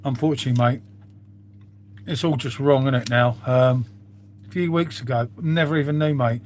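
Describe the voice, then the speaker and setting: A man's voice: mid-range voice, fairly even intonation, normal speed, a little hiss or hum. Chatty man on a live stream. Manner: chatty, swears freely, talks to viewers as mate. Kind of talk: casual live-stream chat.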